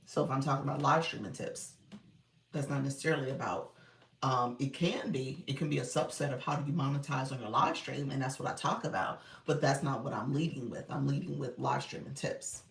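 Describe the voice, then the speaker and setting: A woman's voice: extremely low pitch, steady tone, fairly quick, creaky. A woman live-stream coach chatting casually, greeting viewers by name and explaining tips.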